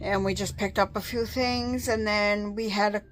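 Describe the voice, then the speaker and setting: A woman's voice: mid-range voice, steady tone, moderate pace, slight background noise. A woman chatting casually in a vlog, friendly and laughing often as she talks. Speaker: vlogger.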